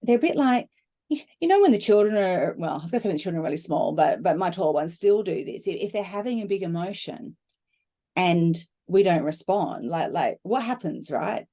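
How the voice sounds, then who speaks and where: Mellow-voiced woman, animated talker. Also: fairly low pitch, fairly quick. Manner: animated, acts out inner voices with laughter. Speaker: guest speaker on emotional healing. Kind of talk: conversational talk.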